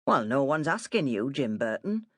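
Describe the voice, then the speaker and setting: A woman doing a quiet, mild farmer. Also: medium pitch, very animated, normal speed, no room sound. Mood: stung. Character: mild middle-aged male farmer neighbour, stung.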